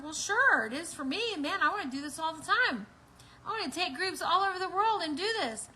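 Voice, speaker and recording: Bright and pushed, this woman's high voice comes through a low-quality recording. Leading a livestreamed prayer meeting, she laughs and bubbles over while preaching and chatting excitedly straight to the people watching.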